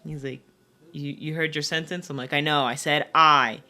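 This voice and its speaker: A woman in her twenties co-hosting a podcast, chatting casually and acting out quotes with big jumps in her voice. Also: moderate pace. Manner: animated, acts out quotes with big pitch jumps. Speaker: podcast co-host. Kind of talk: casual chat.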